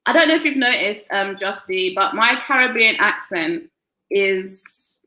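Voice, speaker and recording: A woman's voice: mid-range voice, lively intonation, a little slow, bright, forceful tone, roomy sound. A woman hosting a casual interview, bubbly and laughing often. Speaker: host.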